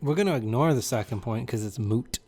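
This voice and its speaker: A man co-hosting a casual podcast in a laid-back, teasing tone. His voice is low and smooth, sitting at an ordinary pitch for a man. He delivers his jokes dryly. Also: brisk, darkish tone, dry recording. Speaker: podcast co-host. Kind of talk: casual chat.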